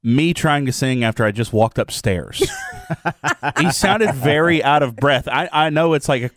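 A man's voice: medium pitch, expressive, normal speed, dry recording. A man on a radio show giving a candid, self-deprecating critique in casual banter. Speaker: radio co-host, judge.

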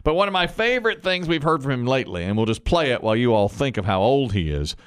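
A man hosting a morning radio show, upbeat and reading trivia quickly. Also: medium pitch, lively intonation, clean tone, no echo, studio quality.

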